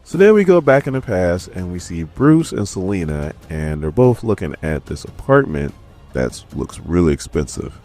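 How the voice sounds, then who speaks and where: A man's voice: low-pitched, big pitch swings, normal speed, a little mellow, faint music behind. A man casually recapping a comic issue, laid-back and slangy as he tells the story. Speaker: comic book reviewer.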